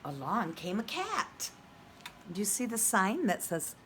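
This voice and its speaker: A woman's voice: fairly low pitch, animated, a little hiss or hum. A woman who is a preschool teacher, reading a picture book aloud to young children and asking them questions. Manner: gentle, slow and questioning, speaking to little kids.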